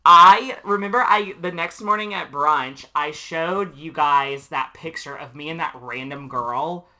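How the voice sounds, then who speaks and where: Man co-host, bright voice, animated and self-deprecating storyteller. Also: on the high side, a little slow. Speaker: podcast co-host. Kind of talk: casual chat.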